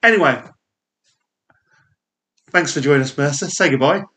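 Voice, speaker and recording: A man's voice: on the high side, moderate pace, pushed and bright. A man with a Yorkshire accent co-hosting a podcast in casual chat. He laughs often and talks in rambling asides. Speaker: podcast co-host.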